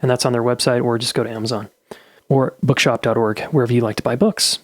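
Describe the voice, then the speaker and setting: A man's voice: mid-range voice, steady tone, fast, no echo. A man hosting a podcast, easygoing and affirming, with many "uh" fillers. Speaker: podcast host. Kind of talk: podcast interview and outro.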